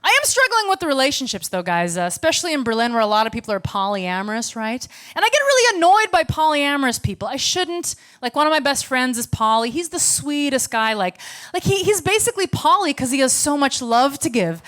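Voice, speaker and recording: A woman's voice: high voice, sing-song, brisk, hardly any pauses, fairly bright tone. An American woman doing a stand-up comedy set on a club stage, brash, sarcastic and profane. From United States.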